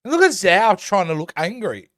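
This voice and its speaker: A man with a notably high, lively voice chats as a podcast co-host. He was recorded close on a dry mic with no room sound, and his delivery is reflective and questioning. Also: normal speed, no echo. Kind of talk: casual podcast chat.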